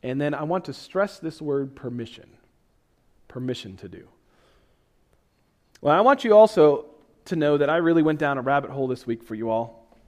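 A man's voice: a little high, animated, a little fast, a little mellow. A man pastor giving a sermon, reading scripture aloud and then explaining it in a loose, conversational way with self-deprecating asides.

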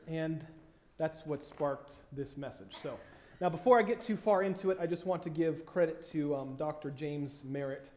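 A man preaching a sermon in a conversational way, with many fillers and pauses, building to emphatic questions. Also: on the high side, darkish tone. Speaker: pastor. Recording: echoey room.

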